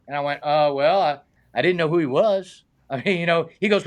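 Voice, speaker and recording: A middle-aged man, a stunt man telling animated anecdotes in a casual interview, acting out the voices of the people in them and laughing often. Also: a little high, fairly quick. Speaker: stunt man and high diver, guest.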